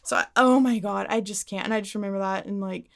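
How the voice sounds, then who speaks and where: A young woman co-hosting a podcast, telling a long personal story in casual chat, animated and swearing as she acts out what people said. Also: mid-range voice, quick pace, gravelly. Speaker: podcast co-host.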